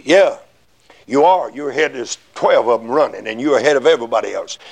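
A man preaching a sermon in a folksy way, swinging from low, quiet asides to loud shouted emphasis. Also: animated, a little fast, creaky. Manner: folksy, rises to shouting emphasis, acts out little dialogues.

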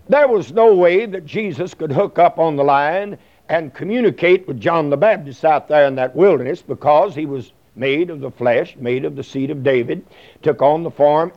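A man's voice: fairly high pitch, a little mellow. A man preaching a sermon in a folksy, rambling way, full of fillers and plain talk. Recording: dull lo-fi recording.

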